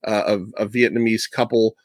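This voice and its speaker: A man hosting a casual movie podcast, retelling scenes with a laugh and quick put-on voices. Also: fairly low pitch, steady tone, dry recording. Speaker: podcast host.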